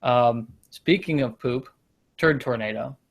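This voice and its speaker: A man of middle pitch hosts a loose comedy show, joking his way through rambling stories. He wanders off his point and laughs at himself, keeping the banter casual. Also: slow, creaky. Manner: rambling, self-deprecating, loses his point. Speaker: podcast host.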